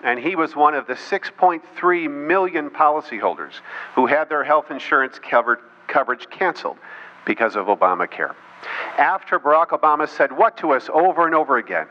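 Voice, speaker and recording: A man's voice: a little high, expressive, fairly quick. A man giving a speech to an audience, telling a story with mocking asides and quoted voices. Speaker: political speaker. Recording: dull lo-fi recording with faint noise.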